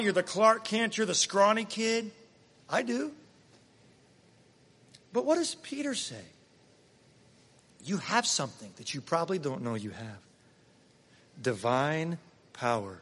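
A man's voice: high-pitched, expressive, normal speed, a bit bright, in a large hall. A man preaching a sermon in a conversational way, often asking his listeners questions. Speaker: pastor.

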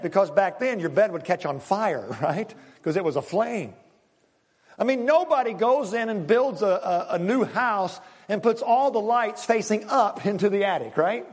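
A man, a pastor preaching a sermon in an animated, conversational way, acting out little scenes for the congregation. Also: sits high, normal speed, big-room sound.

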